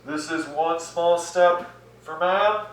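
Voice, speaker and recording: A teen boy doing a deadpan astronaut commander. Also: on the high side, slow. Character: deadpan astronaut commander radioing mission control. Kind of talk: high school duo interpretation. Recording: echoey room, faint noise, mic far off.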